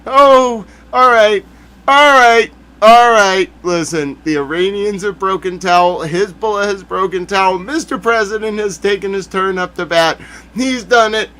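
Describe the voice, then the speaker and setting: A man from the United States hosting a comedic news recap livestream, ranting excitably with frequent laughter and mock-serious asides. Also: high voice, measured pace.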